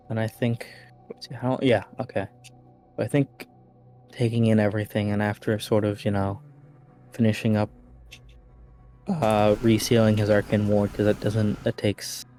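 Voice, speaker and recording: Guy player, low dark monotone, lots of ums, music faint behind. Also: measured pace, long pauses. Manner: hesitant, full of fillers while deciding. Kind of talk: tabletop game play.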